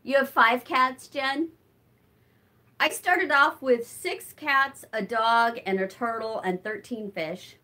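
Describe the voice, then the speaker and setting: A woman's voice: fairly high pitch, takes it slowly. An older woman chatting casually on a live stream while doing chores at home and reading out viewer comments. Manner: chatty, warm toward her cats, answers viewer comments. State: winded from walking. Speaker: vlogger. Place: her home, moving between rooms.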